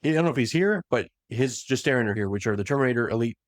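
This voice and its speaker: A man's voice: medium pitch, no room sound, clean studio sound. Man animatedly recapping lore. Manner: animated retelling that slips into quick voiced quotes. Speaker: podcast host recapping lore. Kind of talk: casual lore recap chat.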